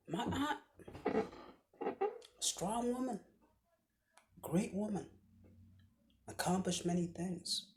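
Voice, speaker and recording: A man giving a motivational speech with a preaching cadence, often dropping his voice to a hushed whisper for emphasis. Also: high voice, drawn-out words, pauses often, slight background noise. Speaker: motivational speaker.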